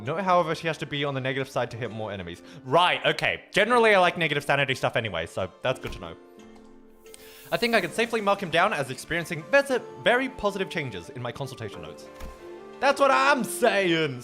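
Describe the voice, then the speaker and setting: Chatty, joking male streamer with a lively voice. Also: fairly high pitch, a little fast, faint music behind. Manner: chatty, joking, reads dialogue aloud. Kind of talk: casual game stream, reading story aloud.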